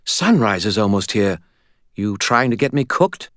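A man's voice: on the low side, big pitch swings, a little slow, fairly bright tone, dry recording, clean studio sound, pitched above the performer's own voice. A man voicing a weary male skull spirit who talks in a slurred, tired whisper. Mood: impatient. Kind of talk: audiobook character voice.

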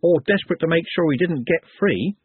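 A man's voice: fairly high pitch, animated, a little fast, slightly rough, no room sound, voice pushed up. A man voicing an earnest, outspoken young woman in a storybook reading, pleading and insistent. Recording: tinny phone-like dry audio.

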